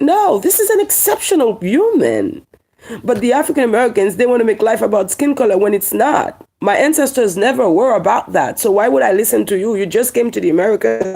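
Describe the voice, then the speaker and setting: A woman from Haiti with a Haitian accent speaks to camera in a heated, emphatic monologue. Her voice is gravelly with a lot of fry, and her tone is dark and mellow. She keeps repeating her points and asking rhetorical questions. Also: mid-range voice. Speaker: online commentator.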